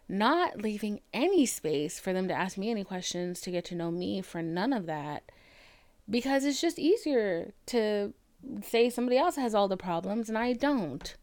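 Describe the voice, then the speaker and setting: A young woman talks through her solo podcast in a frank, self-mocking way, swearing freely and leaning on "like" between thoughts. Her voice sits at a middle pitch for a woman. The sound is close and dry, with no room in it. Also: darkish tone, no echo. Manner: frank, self-mocking, profane, with lots of "like" fillers. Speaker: podcast host. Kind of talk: candid solo podcast monologue.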